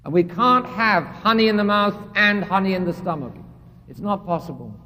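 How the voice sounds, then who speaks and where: A man with a high voice delivers an earnest sermon, repeating his phrases for emphasis. His words ring out with a long reverb, as in a church. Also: moderate pace, pushed and bright, slight background noise. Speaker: preacher.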